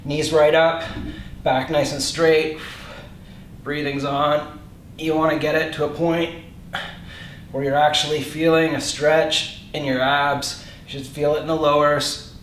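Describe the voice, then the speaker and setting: A man's voice: on the high side, little pitch movement, unhurried, fairly bright tone, reverberant, a little hiss or hum. A male fitness instructor coaching a home workout, counting reps aloud and calling out short commands.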